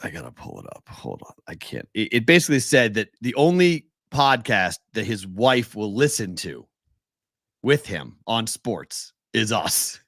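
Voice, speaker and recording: Male co-host with a lowish voice, playful banter, dry close-miked studio sound. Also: sing-song, gravelly, a bit bright, no room sound. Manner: bantering, enthusiastic, talks in quick bursts. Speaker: sports betting podcast co-host. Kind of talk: casual podcast chat.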